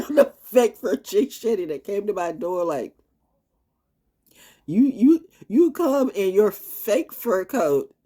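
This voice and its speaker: A woman's voice: medium pitch, mellow. A middle-aged woman hosting a talk show, rambling in a casual monologue, laughing often.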